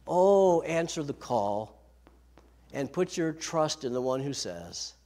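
A man preaching a sermon, lively and slowing down on key phrases. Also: a little high. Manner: lively preaching, slows for emphasis. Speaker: pastor.

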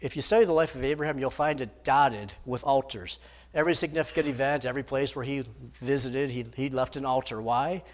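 A man preaching a sermon in a dramatic, emphatic manner, swinging between loud declarations and hushed storytelling. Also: mid-range voice, brisk, slight background noise.

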